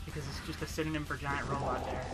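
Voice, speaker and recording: Excitable young man with loud outbursts. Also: mid-range voice, fast, music in the background. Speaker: let's play co-host. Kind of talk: casual gaming commentary.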